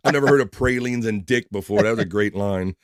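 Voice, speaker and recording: A hoarse man hosting a live stream, chatting casually in a halting, rambling way and greeting viewers. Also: fairly low pitch, over a noisy crowd. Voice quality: rambling, halting, with many fillers. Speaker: livestream host.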